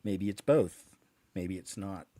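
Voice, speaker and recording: Low-voiced man hosting casual commentary. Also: slow, dark tone, dry recording. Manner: loose and conversational, with chuckles and fillers. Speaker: host.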